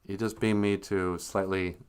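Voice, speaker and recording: A man's voice: sits low, flat delivery, a little slow, noisy background. A man hosting a livestream, telling rambling, jokey stories in casual talk. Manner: rambling, jokey, acts out voices. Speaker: livestream host. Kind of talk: casual comic storytelling.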